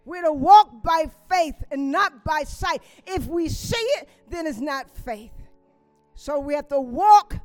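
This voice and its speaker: A woman preaching a sermon with emphatic repetition, stressing key words and adding frequent amens and hallelujahs. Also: sits high.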